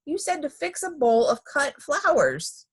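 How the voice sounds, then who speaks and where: Chirpy high storybook maid, earnest and matter-of-fact, a lady putting her on. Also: sing-song, a little slow. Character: literal-minded cheerful young housemaid.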